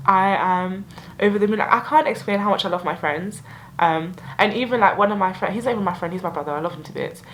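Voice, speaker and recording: A woman's voice: medium pitch, fast talker, a little hiss or hum, rough recording. Young female vlogger, sincere and emotional, loose chatty delivery with many likes. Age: young adult. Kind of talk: reflective year-end vlog.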